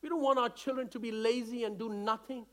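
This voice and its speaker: Man, from India, pastor, sermon, very high voice, earnest, emotional, restarts phrases. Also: steady tone, brisk. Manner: earnest, impassioned preaching with repeated restarts.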